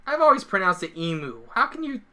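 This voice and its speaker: Stream host dude, bright voice, kinda muses and hunts for words. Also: male voice, sits high, sing-song, fast. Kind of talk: casual stream chat.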